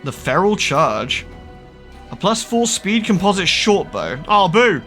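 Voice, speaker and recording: A man's voice: high-pitched, sing-song, slow, a bit bright. Casual swearing man streaming a game. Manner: casual, swearing, reads game text aloud. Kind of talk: casual gameplay commentary and reading aloud. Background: faint game music.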